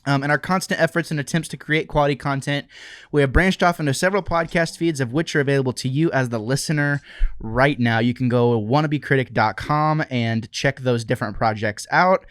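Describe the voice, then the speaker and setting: A man's voice: mid-range voice, a little fast, fairly bright tone, smooth, dry recording, studio quality. A man hosting a podcast interview over a video call, chatting in a jokey, self-deprecating way. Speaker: podcast host. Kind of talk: casual interview chat.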